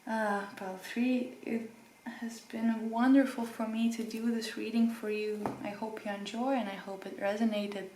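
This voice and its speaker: A woman hosting a pick-a-card tarot reading, speaking gently and reassuringly to the viewer with emotion. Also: fairly high pitch, level tone, moderate pace, roomy sound, a little hiss or hum, poor audio. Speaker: tarot reader.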